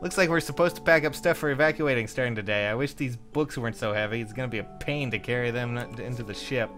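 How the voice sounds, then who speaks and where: A young man with a bright, ringing tone narrates a video game as he plays. He reads the on-screen text aloud in a playful, halting way, and soft game music sits behind him. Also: mid-range voice. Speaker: lets-play player reading game text aloud. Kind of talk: casual lets-play commentary with joking character voices.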